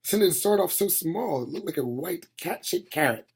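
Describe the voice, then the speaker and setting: Husky man reading a novel aloud. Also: high-pitched, moderate pace. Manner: plain, steady reading with small slips. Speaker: reader. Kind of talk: amateur audiobook reading.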